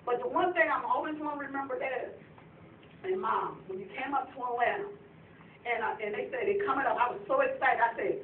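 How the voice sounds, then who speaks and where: Speaking at her parents' anniversary, this middle-aged woman talks to them directly and shares emotional family stories in a room full of family. Her pitch is fairly high and her pace a little quick, and the distant, echoey phone-quality recording carries slight background noise.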